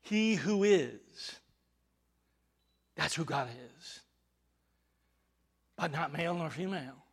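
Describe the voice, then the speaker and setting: A man's voice: on the high side, lively intonation, slow pace, creaky, pauses often, breathy edge. A male pastor preaching a sermon, emphatic, with rhetorical questions and rising bursts of volume.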